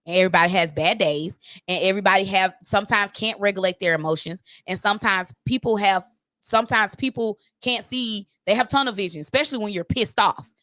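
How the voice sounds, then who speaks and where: A woman's voice: medium pitch, fairly quick, pushed and bright, dry recording, studio quality. A woman on a podcast panel, arguing in a fiery, profane way and talking over the others. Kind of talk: heated debate.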